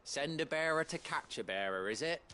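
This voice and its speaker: A man's voice: fairly high pitch, expressive, normal speed, pushed and bright, a little hiss or hum. An actor playing an indignant, hot-headed townsman in a video game, scoffing and storming off. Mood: scornful anger.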